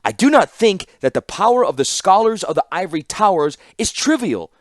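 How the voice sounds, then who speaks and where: A man voicing a proud, cunning woman artificer who speaks in formal, flattering address. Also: high-pitched, a little fast, no room sound, clean studio sound, voice pushed up.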